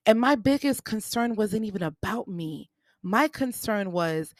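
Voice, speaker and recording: A woman's voice: mid-range voice, moderate pace, no room sound, studio quality. A young adult woman hosting a podcast, candidly telling a personal story in a conversational way and acting out what others said. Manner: candid, conversational, acts out quoted voices. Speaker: podcast host.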